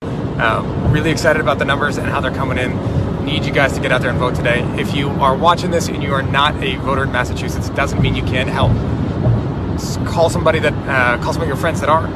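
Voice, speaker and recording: A man campaigning, urging supporters to vote and volunteer, with halting speech and many restarts. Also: medium pitch, heavy background noise. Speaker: campaigning candidate. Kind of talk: rallying appeal to supporters.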